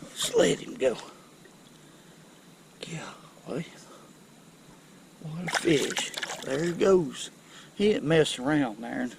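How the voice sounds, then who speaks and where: Slow, gravelly fishing host. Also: male voice, on the high side, noisy background. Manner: folksy and excitable, talking to viewers. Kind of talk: casual fishing vlog commentary. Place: outdoors on a boat on a river.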